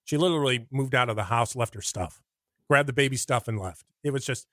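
A middle-aged man with an American Midwest accent, a radio personality telling rambling, animated stories in a conversational interview. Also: mid-range voice, fairly quick, no echo, clean studio sound. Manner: rambling, animated anecdotes with acted-out quotes. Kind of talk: conversational storytelling.

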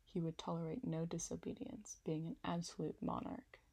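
A woman narrating a storybook chapter in a calm, measured reading. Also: fairly low pitch, slightly rough, low-quality recording. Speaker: audiobook narrator.

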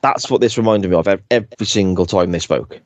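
A man's voice: low-pitched, fairly quick, dry recording. A man co-hosting a podcast, chatting casually and laughing easily, with frequent tag questions. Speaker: podcast co-host. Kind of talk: casual chat reviewing a TV episode.

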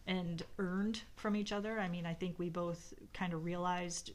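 A woman's voice: lowish voice, steady tone, normal speed. A middle-aged woman in casual conversation, reflecting at length on her marriage with many fillers and restarts. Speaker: podcast co-host talking about her marriage.

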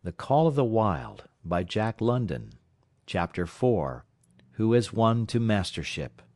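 Low-voiced male audiobook narrator. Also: no room sound, clean studio sound. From South Carolina. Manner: measured, steady storytelling.

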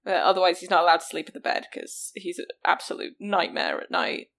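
A woman's voice: on the low side, fairly even intonation, a little fast, vocal fry, a bit bright. Sarcastic woman in her 30s on a podcast, cracks jokes, swears. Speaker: podcast co-host. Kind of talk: casual chat.

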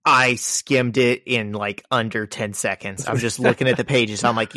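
A man's voice: mid-range voice, fairly even intonation, normal speed, pushed and bright, no room sound, clean studio sound. A man co-hosting a podcast in casual chat, wry and joking in a laid-back way. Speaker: podcast co-host.

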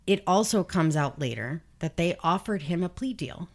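A woman's voice: on the low side, animated, moderate pace. A woman hosting a podcast, telling a true crime story casually, blunt and swearing freely as she reads out quotes. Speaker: podcast host.

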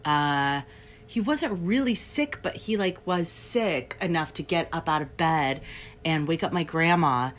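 Female guest, low voice, Valley-Canadian accent, conversational storytelling. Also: animated, a little slow, a little hiss or hum. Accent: mix of Southern California Valley and Canadian. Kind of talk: first-hand account.

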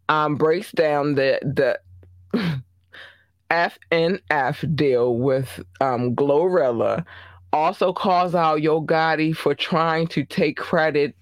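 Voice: mid-range voice, dry recording. Gossip podcast host: chatty, slangy, rambling, recorded in a dead-dry room. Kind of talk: casual celebrity gossip commentary.

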